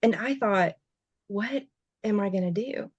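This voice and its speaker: A woman, a writer and journalist, telling her story as a guest on a podcast interview, heartfelt and expressive, her voice leaping up when she gets emotional. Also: measured pace, slightly rough, no echo, highs cut off. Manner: voice jumps high when emotional.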